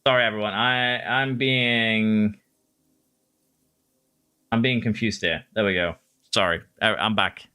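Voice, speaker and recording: Male streamer, excitable live commentary, bright tone. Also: lowish voice, unhurried, long pauses, smooth. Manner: excitable, talks to drivers and chat. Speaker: gaming streamer.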